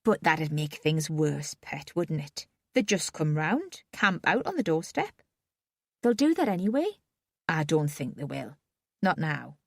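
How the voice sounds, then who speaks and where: A woman voicing a fussy, motherly older landlady, homely and quick to take offence. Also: deep voice, sing-song, vocal fry, dry recording, clean studio sound, full character voice. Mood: fretful.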